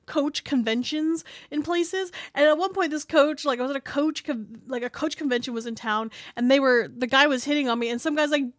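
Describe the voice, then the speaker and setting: A woman's voice: high-pitched, fairly bright tone, no echo. A woman streamer chatting casually on a live stream, rambling with lots of filler words and swearing, into a desk mic.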